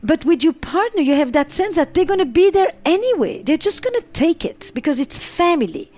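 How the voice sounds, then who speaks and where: A woman's voice: very high voice, very animated, brisk, darkish tone. A middle-aged woman psychotherapist answering interview questions, emphatic and given to repeating phrases for effect.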